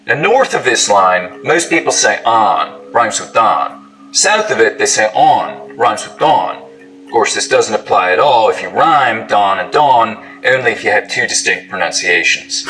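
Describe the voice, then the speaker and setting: A man's voice: on the low side, expressive, moderate pace, bright, forceful tone, soft background music. A man, an accent expert, narrating a tour of accents and playfully demonstrating their sounds. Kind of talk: explanatory narration. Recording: distant mic.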